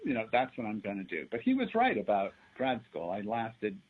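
A man's voice: on the low side, huge pitch swings, moderate pace, slightly rough. A man, a rabbi, telling his life story as an interview guest in a conversational, self-deprecating way. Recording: tinny phone-like line.

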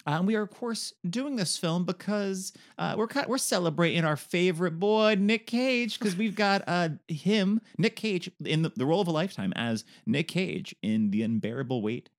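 A man's voice: high-pitched, normal speed, hardly any pauses. A man co-hosting a casual film podcast, laughing often and talking with animation. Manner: laughs often, animated, sings bits of the intro. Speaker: podcast co-host. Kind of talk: casual chat.

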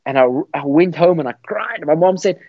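A man's voice: high-pitched, brisk, no room sound. A man on a video call telling his faith testimony with passion, often repeating words and restarting sentences. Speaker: guest sharing his testimony. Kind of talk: earnest storytelling on a call. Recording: dull, dry call audio.

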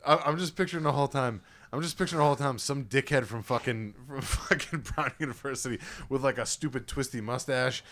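A man hosting a casual podcast chat about music, excitable, profane and rambling. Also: medium pitch, quick pace. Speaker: podcast host.

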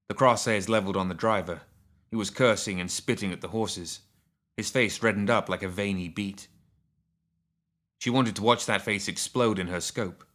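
A man reading a story aloud as narrator, in a steady, measured way. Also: low-pitched.

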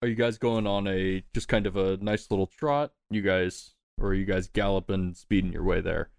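A man narrating as game master in a relaxed, descriptive, casual way. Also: low voice, normal speed, gravelly, smooth, no room sound, clean studio sound. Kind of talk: describing the scene in a tabletop game.

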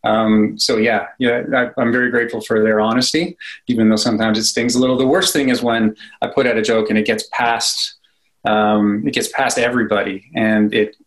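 A man's voice: lowish voice, flat delivery, fairly quick, low-quality recording. A man being interviewed as a cartoonist, talking casually and rambling with many fillers and restarts, self-deprecating. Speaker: cartoonist guest.

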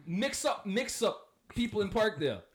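Fast, high-voiced man with lively swings. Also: over a noisy crowd. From Canada. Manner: loud, laughing, swearing. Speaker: podcast host. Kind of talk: casual banter.

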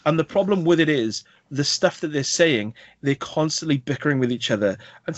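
A man co-hosting a podcast, chatting casually about games in a rambling, animated way full of fillers and restarts. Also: medium pitch, brisk, few pauses, dry recording, highs cut off. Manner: rambling, many fillers and self-corrections, animated. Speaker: podcast co-host.

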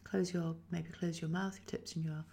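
An English woman guiding a Feldenkrais lesson, speaking slowly and softly with many whispered phrases, her voice tired after a weekend of talking. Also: on the low side, level tone, creaky, slight background noise. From England. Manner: slow, soft-spoken guiding with frequent whispered phrases. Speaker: Feldenkrais teacher. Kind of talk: guided movement lesson.

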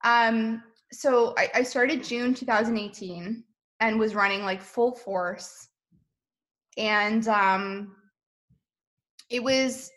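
A woman in her thirties talks as a podcast guest in a loose, rambling way, full of "like" and "um." She often laughs at herself. Her voice is bright and sits a little high. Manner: chatty, self-deprecating, laughs often, many fillers. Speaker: podcast guest, boutique owner. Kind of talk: casual interview chat.

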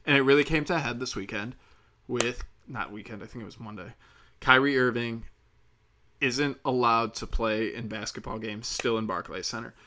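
A man's voice: mid-range voice, moderate pace, sharp tone, slight background noise. A young man from the United States hosts a podcast in the middle of an angry rant. He swears constantly and gets worked up in heated, exasperated bursts. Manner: heated, profane, ranting.

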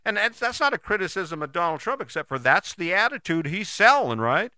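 Lively, bright-voiced man giving a pep talk. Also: high-pitched, a little fast, few pauses, no echo. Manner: folksy, acts out quoted people in short bits; often tags sentences with "right?". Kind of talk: casual motivational talk to camera.

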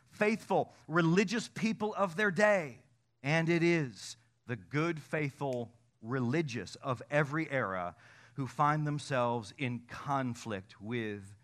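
Man preaching in church, kinda high voice, gets loud and excited then drops down quick. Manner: animated preaching with sudden loud peaks and quick asides. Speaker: pastor. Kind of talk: sermon.

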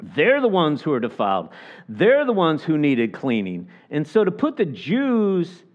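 A male pastor preaches a sermon, his voice sitting a touch high and swinging widely in pitch. He breaks into the voices of the people he quotes, acting them out. The recording is somewhat dull and lo-fi. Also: a little slow. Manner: animated, acts out the people he quotes.

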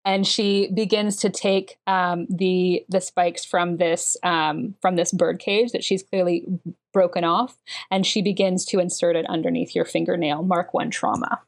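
A woman running a tabletop role-playing game, narrating descriptively with many fillers. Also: fairly low pitch. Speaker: game master.

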